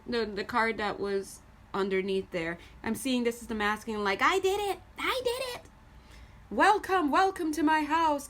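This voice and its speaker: A woman giving a casual tarot reading to her viewers. She is chatty and animated, often laughing as she goes. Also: mid-range voice. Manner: addresses viewers directly. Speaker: tarot reader.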